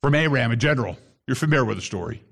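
A man preaching an animated sermon as a messianic pastor, rising to shouts at times and using Hebrew terms. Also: medium pitch, rapid-fire, creaky, husky.

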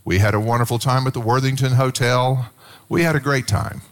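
A man's voice: medium pitch, a little fast. A middle-aged man, a pastor preaching a sermon, telling stories with playful acted quotes and emphatic swells.

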